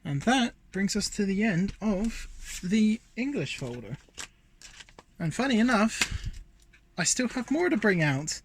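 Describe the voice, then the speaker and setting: A man's voice: high-pitched, big pitch swings, a little slow, pauses often, a little hiss or hum. A man talking casually while showing off his collectible collection, rambling with asides, filming on a handheld phone indoors at home. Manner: chatty and rambling, many fillers and asides. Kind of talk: casual show-and-tell vlog.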